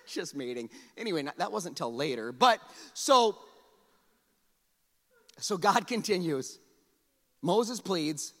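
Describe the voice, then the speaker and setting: A man pastor preaching a sermon in a church, animated, repeating words and acting out quotes. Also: sits high. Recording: long reverb of a large hall.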